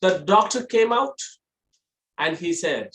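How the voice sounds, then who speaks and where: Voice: mid-range voice, expressive, takes it slowly, fairly bright tone. Trainer in an echoey room. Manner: explains step by step, asking and answering rhetorical questions. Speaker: public speaking trainer. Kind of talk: classroom lecture.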